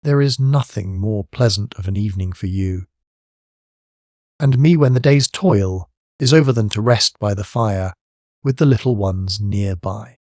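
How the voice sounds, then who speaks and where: A man's voice: fairly low pitch, measured pace, darkish tone, no echo, clean studio sound, close to an everyday voice. A man reading the part of a carefree boy who turns frank and a little anxious, in an audiobook. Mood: contented. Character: boyish lad, carefree, puzzled and anxious.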